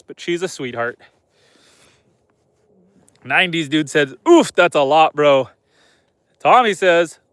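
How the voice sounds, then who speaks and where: Chatting casually on a night-time livestream from his farm, a young homesteader talks to his animals and reads out viewer comments. His voice is a little high and a bit bright, and the recording is dry.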